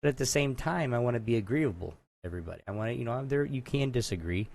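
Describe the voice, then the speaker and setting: A man's voice: mid-range voice, animated, rapid-fire, creaky, a little mellow. A man co-hosting a podcast, telling a long story in casual chat, rambling with lots of asides. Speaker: podcast co-host.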